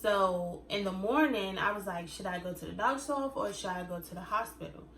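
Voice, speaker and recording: A woman's voice: medium pitch, brisk, a bit bright, far from the mic. A young woman vlogger in casual storytime chat, chatty and acting out quotes in other voices. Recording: echoey room, faint noise.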